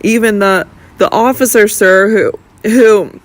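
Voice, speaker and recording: A reader voicing a terrified, broken old retired lieutenant who pleads in a shrill, hoarse, half-screaming voice. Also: a little slow, fairly bright tone, lightly acted. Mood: shaken dignity. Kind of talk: audiobook character voice.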